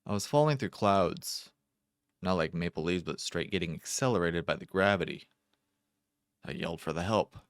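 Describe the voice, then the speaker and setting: A man narrates a first-person short story in a very deep voice. He reads at a measured, deliberate pace with careful pauses, recorded close and dry. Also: expressive, clear, resonant tone, no echo. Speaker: amateur narrator.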